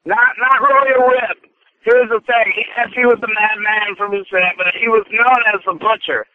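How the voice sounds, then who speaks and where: A man in his forties, a wrestler guest calling in by phone, talking in a loud, blustering promo style. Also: high voice, steady tone, moderate pace. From US Midwest. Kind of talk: phone-in interview. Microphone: telephone. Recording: tinny phone line.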